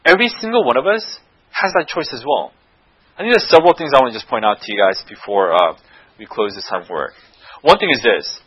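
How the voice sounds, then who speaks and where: A man's voice: mid-range voice, very animated, a little fast, breathy edge, dull audio. A man preaching a sermon, telling a story with animation and often checking in with his listeners.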